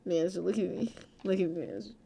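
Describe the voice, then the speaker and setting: A woman's voice: fairly low pitch, rapid-fire, vocal fry, dark tone, husky. A woman hosting a casual stream chat, laughing often, swearing freely and teasing her friends. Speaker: streamer host.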